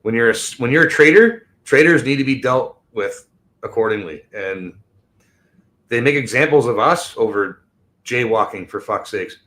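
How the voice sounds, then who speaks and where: A mid-pitched man holds forth in an angry, profane rant. His voice spikes into loud bursts, then drops to low mutters. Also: animated, moderate pace. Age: 50s. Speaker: show host.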